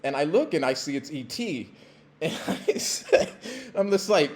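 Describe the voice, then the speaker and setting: A man hosting a podcast, telling a casual story in a rambling, halting way with many fillers and restarts. He is a former pro football player. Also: fairly high pitch, sing-song.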